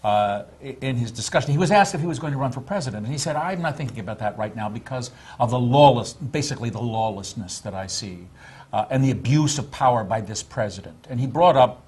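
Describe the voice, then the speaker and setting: A man's voice: medium pitch, animated, quick pace, a little mellow, husky. A man speaking as a panel guest, passionate and full of fillers in casual talk.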